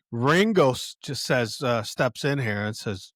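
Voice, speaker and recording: A male podcast host casually retelling a film scene in a halting, self-correcting way, with lots of fillers. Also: mid-range voice, expressive, fairly bright tone, no echo, clean studio sound. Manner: chatty and conversational.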